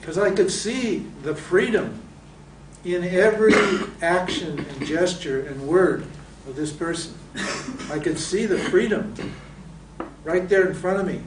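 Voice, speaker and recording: Male lecturer, higher voice, quizzes the class and answers himself, faint room hum. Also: a little slow. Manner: asks rhetorical questions and answers them. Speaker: Vedanta teacher. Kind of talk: lecture to students. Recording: roomy echo from a distant mic.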